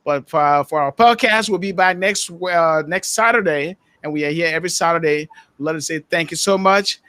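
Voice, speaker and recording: A man's voice: a little high, moderate pace, sharp tone, no room sound. A man with a Liberian English accent hosting a live podcast, upbeat and sprinkling his talk with fillers. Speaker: podcast host.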